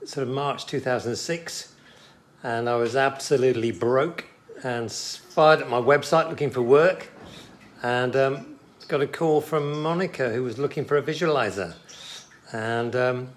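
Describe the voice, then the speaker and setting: A man's voice: mid-range voice, unhurried. A man co-hosting a home cooking video from behind the camera, chipping in dry, teasing asides. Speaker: co-host filming the video. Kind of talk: casual chat from behind the camera.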